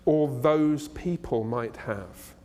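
A man's voice: medium pitch, slow, warm tone, close to an everyday voice. A man doing a prim, fretful churchgoer. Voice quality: prim, hesitant, politely worried. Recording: echoey hall.

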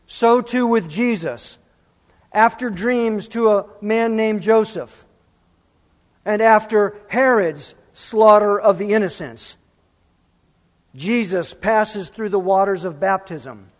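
A man's voice: high-pitched, takes it slowly, big-room sound. A man preaching a sermon as pastor, emphatic and full of rhetorical questions.

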